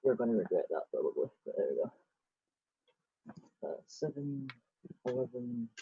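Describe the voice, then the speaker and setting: A man playing a tabletop game, chatty and jokey as he works through his rolls. His voice has a middle pitch. The recording sounds slightly dull and dry, like a home mic. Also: very animated, normal speed, creaky, husky, no echo. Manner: chatty, jokey, thinks aloud over dice rolls. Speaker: player. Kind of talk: casual tabletop game chat.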